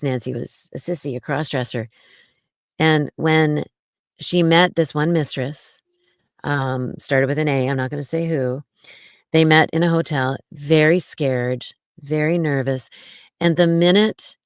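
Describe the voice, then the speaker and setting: Woman, podcast guest, low voice, slow gentle reassuring talk, dry close sound. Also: fairly even intonation, clean tone, no room sound. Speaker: podcast guest, mommy domme. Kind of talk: casual interview talk.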